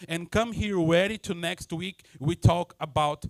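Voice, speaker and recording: A male preacher giving an animated sermon, acting out everyday scenes in non-native English. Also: high voice, a little slow, hardly any pauses, no echo, poor audio. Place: church.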